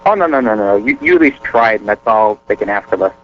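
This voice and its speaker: A man's voice: fairly low pitch, sing-song, quick pace, lo-fi sound. A man co-hosting a casual phone interview, polite and consoling. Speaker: co-host.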